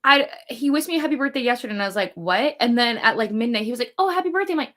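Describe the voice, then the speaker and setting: A woman chatting casually on a livestream, telling animated anecdotes and quoting people in playful voices. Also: on the high side, racing. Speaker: co-host guest. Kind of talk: casual chat.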